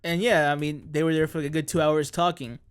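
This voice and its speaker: A man's voice: on the high side, flat delivery, quick pace, smooth. A man streaming, chatting casually in a rambling way, often correcting himself and laughing mid-sentence. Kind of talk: casual chat.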